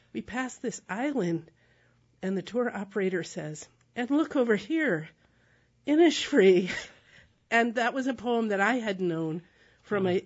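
An American woman telling a travel story in a casual, animated way, often laughing as she talks. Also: medium pitch. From United States. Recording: dull lo-fi recording.

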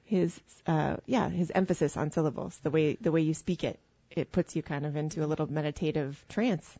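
A woman's voice: low-pitched, steady tone, a little fast, warm tone, husky, no room sound. A woman hosting a casual conversation, thinking aloud hesitantly with frequent restarts. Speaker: host. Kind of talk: casual interview chat. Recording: dry, dull lo-fi recording.

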